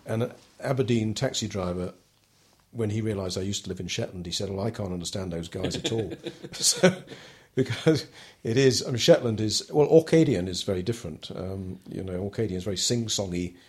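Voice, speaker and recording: A man's voice: lowish voice, fairly quick, a little mellow, breathy edge. An older man telling his story in an interview, talking hesitantly with many ums and restarts. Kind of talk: relaxed oral history interview.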